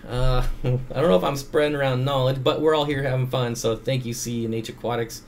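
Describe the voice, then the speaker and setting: A man's voice: medium pitch, steady tone, brisk, a little mellow. A man hosting a casual livestream Q&A from home, rambling with many fillers as he reads and answers chat at his computer through a desk microphone.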